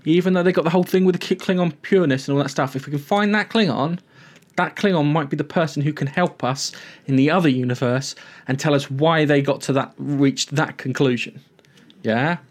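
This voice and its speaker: Man co-hosting a casual chat, slightly high voice, rambling recap with plenty of swearing. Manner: rambling, swears freely, animated retelling.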